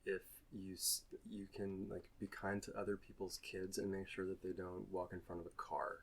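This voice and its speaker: Thoughtful low-voiced male actor guest. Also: completely flat delivery, gravelly, breathy edge. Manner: thoughtful, measured, searching for words. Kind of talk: casual podcast chat.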